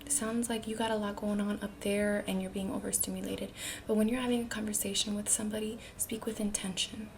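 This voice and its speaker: A woman giving a self-help talk, speaking slowly and deliberately, often dropping into a breathy near-whisper. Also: medium pitch, little pitch movement, a little mellow, slight background noise. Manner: demonstrates different ways of speaking.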